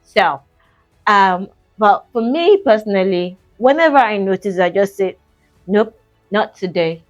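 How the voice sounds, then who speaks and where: A woman's voice: medium pitch, lively intonation, measured pace, soft background music. Chatty woman coach calling listeners sis. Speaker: mindset coach. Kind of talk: casual coaching talk.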